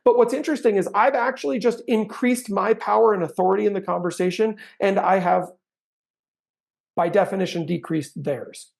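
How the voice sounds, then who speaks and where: A man's voice: high-pitched, moderate pace, creaky. A middle-aged man teaching sales technique in a chatty training talk, acting out sample lines now and then.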